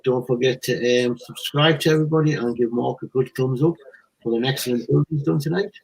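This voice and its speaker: Husky Geordie man. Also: medium pitch, fairly quick, darkish tone, low-quality recording. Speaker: co-host. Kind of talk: casual live-stream sign-off.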